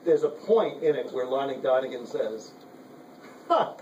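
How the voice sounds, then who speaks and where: Here the workshop leader speaks with a dark, mid-range voice at normal speed, rambling casually with plenty of "you know" and "like" in a room at a writers' retreat. The camera, handheld from across the room, gives roomy, distant sound with the highs cut off and a little hiss or hum.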